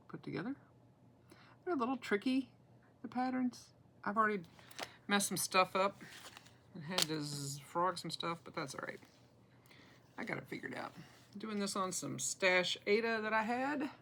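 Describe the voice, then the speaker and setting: Chatty woman with gravelly voice. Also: fairly low pitch, pushed and bright, slight background noise, rough recording. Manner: chatty, self-deprecating, laughs often. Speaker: cross-stitch vlogger. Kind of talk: casual show-and-tell chat.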